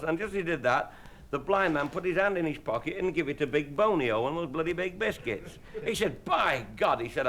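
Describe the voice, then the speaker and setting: A man's voice: a little high, a bit bright. A man telling rambling, bawdy comic anecdotes as an after-dinner speaker, chuckling as he goes. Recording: hissy old live tape recording. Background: audience laughter.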